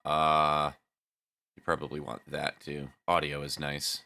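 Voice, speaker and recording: A man's voice: extremely low pitch, completely flat delivery, a little slow, vocal fry, sharp tone. A man casually chatting on a live game dev stream, swearing freely and talking to his chat.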